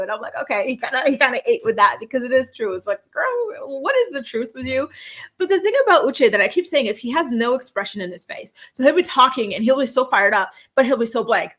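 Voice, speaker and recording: A woman hosting a reality show recap, talking casually and acting out quoted lines with lively, opinionated reactions. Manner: animated, acts out quotes with rising pitch.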